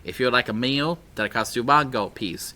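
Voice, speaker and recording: A man's voice: mid-range voice, normal speed, bright, forceful tone, lightly acted. A man doing a hammy frontier saloon bartender. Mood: welcoming. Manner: folksy drawl with hammy outbursts. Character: boisterous frontier saloon bartender, male, middle-aged.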